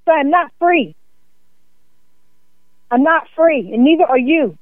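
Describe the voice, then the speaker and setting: A woman's voice: high-pitched, no room sound, phone-quality sound. A woman delivering an angry opinion rant, profane and emphatic, firing repeated questions at the listener. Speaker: commentator.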